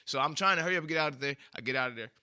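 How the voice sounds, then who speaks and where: Bright-voiced man telling a lively story. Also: fairly high pitch, racing, clean tone. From United States. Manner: animated storyteller, bursts into shouting when excited. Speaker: podcast co-host. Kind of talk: casual chat.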